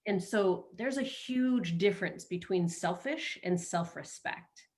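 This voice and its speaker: A woman's voice: on the low side, measured pace, a little mellow. A middle-aged woman hosting a webinar, coaching in a casual, playful way and slipping into quoted self-talk, speaking over a video call.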